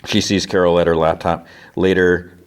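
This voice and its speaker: A man's voice: sits low, little pitch movement, normal speed, clear, resonant tone. A man hosting a podcast, casually retelling a TV episode scene by scene and peppering it with "she's like.". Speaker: podcast host.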